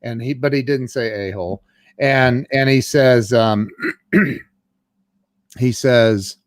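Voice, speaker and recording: A middle-aged man tells his own story as a guest, candid and unpolished. He stammers and restarts often. His voice sits at an ordinary pitch and is recorded close and dry, with no room echo. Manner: halting, with frequent stammered restarts.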